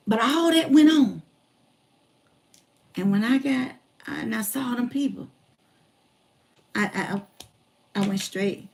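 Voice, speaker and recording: A woman in her forties telling a personal story in a lively, colloquial way, repeating phrases for emphasis. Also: a little high, takes it slowly, gravelly, pauses often. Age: 40s. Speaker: motivational speaker.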